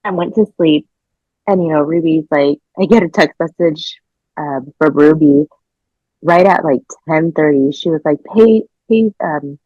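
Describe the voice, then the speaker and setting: Husky woman on a muffled call. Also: lowish voice, no echo. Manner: excited, laughing, swears casually. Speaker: guest. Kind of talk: casual storytelling.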